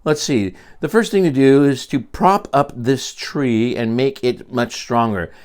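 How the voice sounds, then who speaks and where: A grandfather reading aloud, voicing a faithful, patient male elephant in a slow, low, plodding way. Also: darkish tone, close to an everyday voice. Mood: musing.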